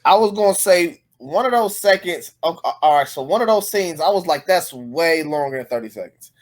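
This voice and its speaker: A man's voice: a little high, animated, a little fast. A man co-hosting a podcast, joking and swearing while questioning a movie's plot. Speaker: podcast co-host. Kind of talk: casual chat.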